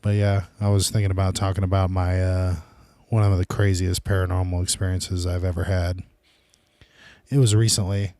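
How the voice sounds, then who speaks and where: A man's voice: sits low, little pitch movement, moderate pace, dark tone, no echo. A man hosting his own podcast, rambling loosely and casually in a solo monologue. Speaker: podcast host.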